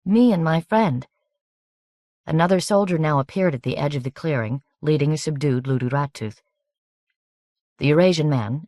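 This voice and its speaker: A woman's voice: deep voice, no echo, clean studio sound. Woman reading an audiobook evenly. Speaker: audiobook narrator. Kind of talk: scripted narration.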